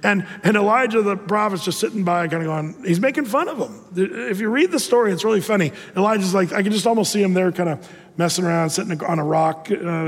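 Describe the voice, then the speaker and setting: Animated, high-voiced preaching man. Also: a little fast, in a large hall. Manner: animated, scornful of false teaching. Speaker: pastor.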